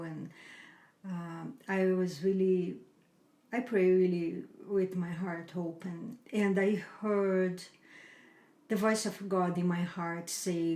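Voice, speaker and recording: A middle-aged woman with a somewhat low voice shares her story in a conversation. She speaks earnestly and a little haltingly, with non-native phrasing. The recording carries a roomy echo. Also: steady tone, a little mellow. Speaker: guest.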